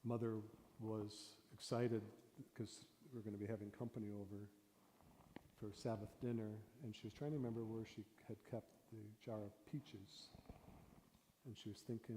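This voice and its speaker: A pastor teaching a storytelling workshop, animated, swinging between loud bursts and hushed talk. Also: male voice, lowish voice, normal speed. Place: church hall. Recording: reverberant hall with faint room noise.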